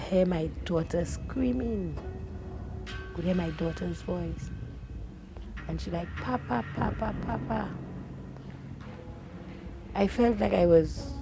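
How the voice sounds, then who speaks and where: A grieving Saint Lucian woman recounts a loss in creole-inflected English. Her voice is gravelly and sits low. Music plays beneath the interview. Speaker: widow interviewee. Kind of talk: emotional testimony.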